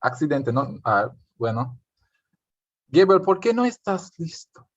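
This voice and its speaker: A man's voice: on the high side, sing-song, unhurried, breathy edge, dry recording, dull audio. A man with a Jamaican accent tutoring an online Spanish revision class, switching between English and Spanish and quizzing his students.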